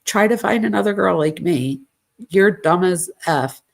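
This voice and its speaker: A woman's voice: lowish voice, lively intonation, unhurried, gravelly, exaggerated voice. A woman reading aloud the angry text messages of a young woman in a breakup fight, in a lightly raised voice.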